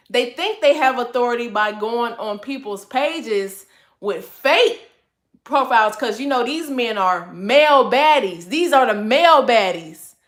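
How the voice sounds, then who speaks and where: Sassy high-voiced woman ranting in an echoey room. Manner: sassy and scolding, calls viewers honey; deliberately calm-voiced delivery. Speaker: livestream host. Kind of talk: livestream rant to viewers.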